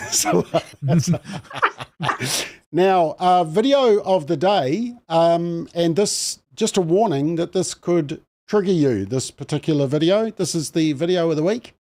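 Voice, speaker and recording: New male host, self-deprecating, loose and chatty, slightly raised pitch. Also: a little slow, hardly any pauses, dark tone. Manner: chatty, self-mocking, rambling with fillers. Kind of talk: panel show chat.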